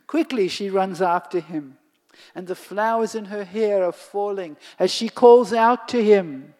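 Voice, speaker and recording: A storyteller narrating a devotional tale slowly and expressively, sinking to a whisper at times. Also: mid-range voice, a little mellow. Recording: long hall reverb, faint music.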